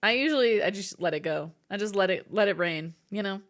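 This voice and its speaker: A woman's voice: medium pitch, animated, a little fast. A woman streaming live, chatting with her viewers in a bubbly, chatty way. She giggles often and playfully acts out her own thoughts. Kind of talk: casual live-stream chat, reading viewer messages.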